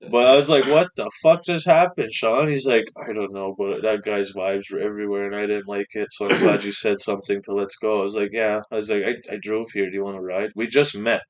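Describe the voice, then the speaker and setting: Young male podcast guest, low-pitched, animated profane storyteller. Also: fast talker, hardly any pauses. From Canada. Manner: swearing, animated anecdote with quoted voices. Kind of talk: casual storytelling.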